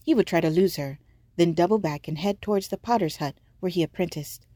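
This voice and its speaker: A woman reading a story aloud in a measured, vivid narrating manner. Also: lowish voice, dark tone, no echo, clean studio sound. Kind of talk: scripted audiobook narration.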